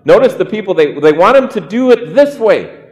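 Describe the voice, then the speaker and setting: A man's voice: high-pitched, lively intonation, normal speed, darkish tone, big-room sound. A man preaching a sermon, earnest, often repeating words as he builds a point. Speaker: pastor.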